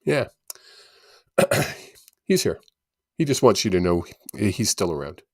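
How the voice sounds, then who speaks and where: A man hosting a casual channeling session on a video call, animated and laughing often. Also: lowish voice, no echo, clean studio sound. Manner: animated, laughs often, quick bursts of excitement. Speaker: psychic medium host.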